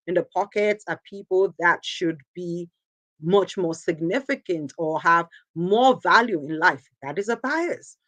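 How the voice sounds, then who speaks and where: A woman's voice: mid-range voice, no room sound. Emphatic Nigerian woman host. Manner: earnest, emphatic, repeats phrases for stress. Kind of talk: motivational talk.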